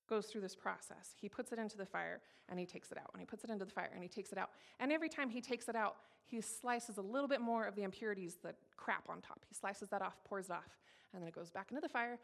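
A woman in her thirties gives a personal testimony, telling her story in a candid, humorous, lively way. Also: medium pitch, brisk, creaky. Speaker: speaker giving a personal testimony.

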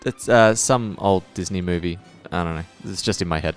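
A man's voice: sits low, fairly quick, soft background music. A man co-hosting a podcast, talking in a thoughtful, rambling way with many restarts. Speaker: podcast co-host. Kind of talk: casual podcast chat.

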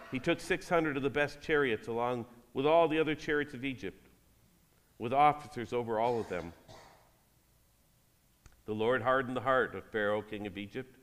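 A man's voice: mid-range voice, big-room sound. A man, a pastor, giving a sermon. He reads scripture aloud and then speaks directly to the congregation.

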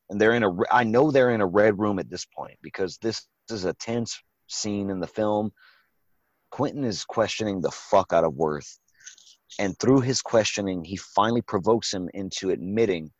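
A man's voice: on the low side, animated, moderate pace, dry recording, muffled recording. A man hosting a podcast, reviewing a movie in casual, profane, rambling chat. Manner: profane, rambling, acts out quotes. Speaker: podcast host.

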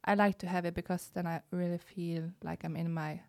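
A young woman speaking English with a Norwegian accent, her voice gravelly with fry. She talks haltingly in a casual café chat, pausing on fillers and restarting thoughts. The sound is close and dry, with little room echo. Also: lowish voice, level tone, a little mellow. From Norway. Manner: hesitant, many fillers and restarts. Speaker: guest, burlesque dancer. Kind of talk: casual conversation.

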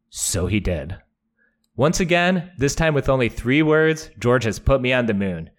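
A man's voice: mid-range voice, sing-song, measured pace. A man hosting a podcast, recapping a book chapter with wry, profane asides and dramatic readings. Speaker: podcast host.

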